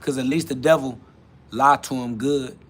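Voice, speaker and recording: Bright-voiced man ranting preachily. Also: medium pitch, fairly even intonation, normal speed. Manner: preachy, streetwise rant with heavy repetition. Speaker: podcast host. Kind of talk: spiritual self-talk monologue.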